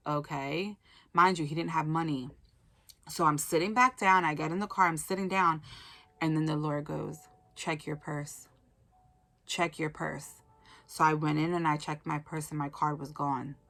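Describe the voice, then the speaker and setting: A woman's voice: deep voice, a bit bright. A young woman telling a personal faith testimony as a casual story, acting out the quotes and saying "like" a lot.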